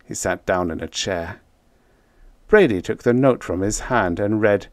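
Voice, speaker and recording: A man narrating a vintage science fiction short story in a scripted, expressive storytelling style. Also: on the low side, a little slow, no echo, studio quality. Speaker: audiobook narrator.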